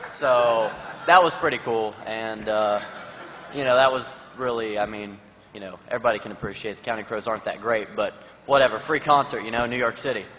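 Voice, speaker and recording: A man's voice: on the low side, fairly quick, sharp tone. A man on a conference panel telling a loose, rambling anecdote filled with fillers. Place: large conference hall. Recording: reverberant hall with faint noise.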